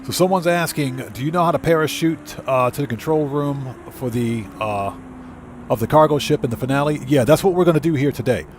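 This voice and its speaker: A man hosting a live gameplay stream, trash-talking rival players and giving loud shout-outs to chat members. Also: fairly high pitch, brisk, a little hiss or hum. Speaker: livestream host.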